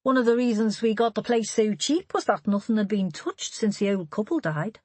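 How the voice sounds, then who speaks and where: A woman's voice: mid-range voice, normal speed, darkish tone, no room sound, voice pushed up, natural voice. A woman voicing a genial middle-aged man who gossips in a chatty, wry, knowing way, in an audiobook reading.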